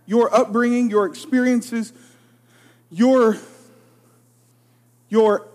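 Young preacher in a reverberant hall. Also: male voice, very high-pitched, fairly even intonation, drawn-out words, darkish tone. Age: 20s. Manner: storytelling, emphatic, self-deprecating. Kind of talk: sermon with personal story.

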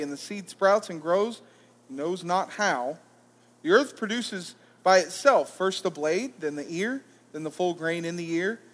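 Preacher, male, high pitch; reads plainly, comments conversationally; reverberant sanctuary. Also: a bit bright. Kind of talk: scripture reading and sermon. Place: church hall. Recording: reverberant church hall.

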